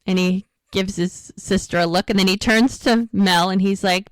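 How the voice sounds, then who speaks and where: A woman's voice: medium pitch, fairly even intonation, moderate pace, hardly any pauses, dry recording. Gushy podcast lady rehashing scenes, mid voice, close dry sound. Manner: retells scenes in long runs of "she goes" and "he's like"; chatty and gushing, with light laughs. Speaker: podcast co-host. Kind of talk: casual recap chat.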